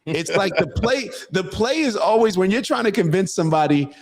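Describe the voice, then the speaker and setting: A man's voice: sits high, expressive, a little fast. A man hosting a casual political podcast, thinking aloud with lots of fillers and restarts. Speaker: podcast host.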